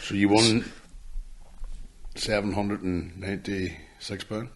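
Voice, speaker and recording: A man's voice: fairly low pitch, takes it slowly. A man, teasing his co-host in a casual podcast chat. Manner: teasing, excitable.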